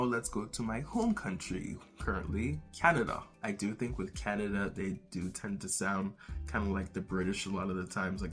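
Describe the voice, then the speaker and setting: A young man from the Bahamas with a Bahamian accent and a raspy voice, hosting his own channel in a relaxed, casual way with many fillers. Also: fairly low pitch, normal speed, faint music behind. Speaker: channel host. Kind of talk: casual vlog monologue.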